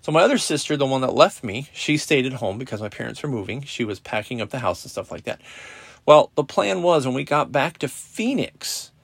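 A middle-aged man hosting a podcast, telling a personal story in a casual, profane, animated way with lots of quoted dialogue. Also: mid-range voice, fairly quick, creaky, husky, dry recording. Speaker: podcast host. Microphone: podcast app recording.

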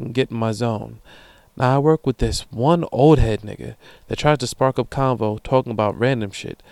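Young man, podcast host, casual profane storytelling, smooth voice, dry close mic. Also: mid-range voice, a little mellow, dry recording. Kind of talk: casual monologue reading listener emails.

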